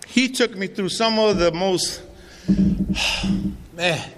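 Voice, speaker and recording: Speaking in a high-pitched voice and drawing out his words, a middle-aged man tells his own story to a recovery meeting. His testimony is raw, profane, and streetwise. It was recorded in a reverberant meeting hall with faint room noise.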